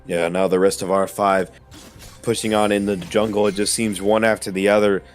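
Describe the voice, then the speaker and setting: A man giving steady, measured analysis as an esports color commentator, somewhat hoarse from losing his voice. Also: on the low side, soft background music.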